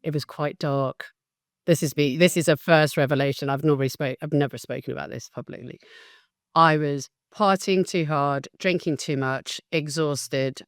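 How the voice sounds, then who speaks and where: A woman in her fifties recounts her own story on a podcast, candid and animated, leaning hard on key words. Her voice sits low, and the recording is dry and close. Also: normal speed, dry recording. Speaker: guest, facilitation business founder. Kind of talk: podcast interview, personal storytelling.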